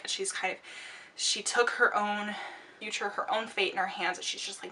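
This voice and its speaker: A woman reviewing a book while she does her makeup, talking in an excited, gushing way with lots of fillers and restarts, and sounding a bit out of breath. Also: medium pitch, normal speed, recorded from a distance, a little hiss or hum.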